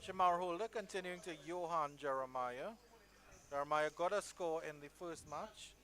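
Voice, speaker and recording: A male cricket commentator calls the play live with a bright, forceful tone and a voice pitched a touch high. He stays measured between deliveries. When a big shot lands he breaks into loud, excited calls.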